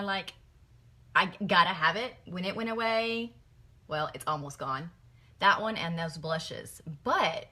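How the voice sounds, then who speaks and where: A woman's voice: on the low side, pushed and bright. A middle-aged woman, chatting through a makeup tutorial in a gushing, rambling way. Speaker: makeup vlogger.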